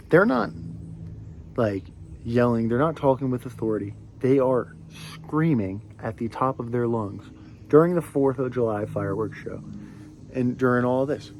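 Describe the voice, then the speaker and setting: A vlogger in his twenties rants to the camera in a rambling monologue packed with fillers and restarts. His voice is mid-range and darkish in tone, with slight background noise behind it.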